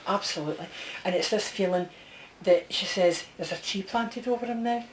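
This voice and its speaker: In a low-quality recording with slight background noise, a woman of medium pitch and normal speed does a one-on-one psychic reading. Chatty throughout, she delivers messages and repeatedly checks in with her sitter.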